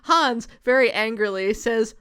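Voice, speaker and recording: A woman's voice: fairly high pitch, a bit bright, clear, resonant tone. A woman co-hosting a podcast, chatting casually and laughing often as she retells scenes. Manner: giggly, retells scenes with quick quoted lines. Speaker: podcast co-host. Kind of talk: casual chat.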